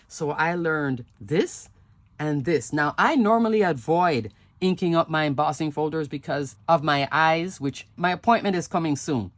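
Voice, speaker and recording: A woman's voice: low voice, no echo. A woman hosting a casual craft show-and-tell, gushing and chatty, often asking if things are pretty and repeating her love for them. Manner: chatty, asks "isn't that pretty?". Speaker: papercraft channel host.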